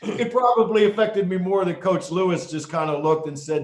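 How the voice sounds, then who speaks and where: A middle-aged man, a former referee, telling stories in an interview in an animated way, with many restarts. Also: sits high, moderate pace, hardly any pauses. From United States. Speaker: guest, former football referee and basketball official. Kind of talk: storytelling interview. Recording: echoey room.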